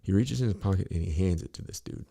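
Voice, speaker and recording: A man's voice: deep voice, fast talker, gravelly, mellow. A middle-aged man talking bluntly and casually on a podcast, rambling and profane, with lots of "you know" between his thoughts.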